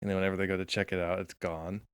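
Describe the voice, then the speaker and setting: Deep-voiced man spinning playful story ideas. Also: little pitch movement, rapid-fire, smooth, no room sound, studio quality. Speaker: podcast co-host. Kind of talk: casual chat.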